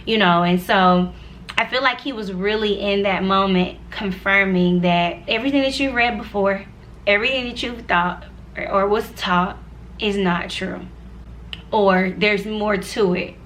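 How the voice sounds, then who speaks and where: A woman in her twenties, a vlogger, shares her faith testimony with viewers in a chatty, earnest way full of asides. Her mid-range voice is a bit bright and a little slow, with some hiss or hum in the recording.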